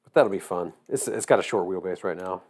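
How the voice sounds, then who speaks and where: A man from Georgia with a Southern accent, his voice going hoarse, chatting casually and rambling while he builds a model. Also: sits low, brisk. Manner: relaxed, rambling, drawling. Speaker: hobby shop owner.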